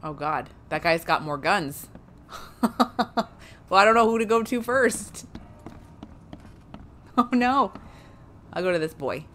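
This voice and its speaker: A woman's voice: lowish voice, animated, slow pace, pauses often, a bit bright, a little hiss or hum. A woman streaming a game playthrough, chatting casually, laughing often and swearing freely. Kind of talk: casual let's-play commentary.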